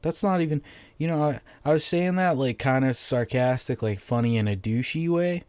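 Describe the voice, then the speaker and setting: A man hosting a casual solo podcast from home, monotonous and deadpan sarcastic, swearing freely into a microphone on a stand. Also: mid-range voice, moderate pace, clean tone, no echo. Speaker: podcast host.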